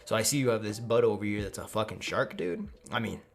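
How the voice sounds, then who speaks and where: A man's voice: fairly low pitch, fast, lightly acted. Man doing a cocky overpowered young ninja. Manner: laid-back, crude, dismissive.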